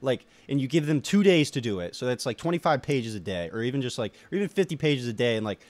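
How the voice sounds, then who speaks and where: A man's voice: mid-range voice, lively intonation, fast talker, dry recording. A young man in a rambling solo monologue, ranting with heavy swearing and lots of filler words. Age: young adult. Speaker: solo podcaster.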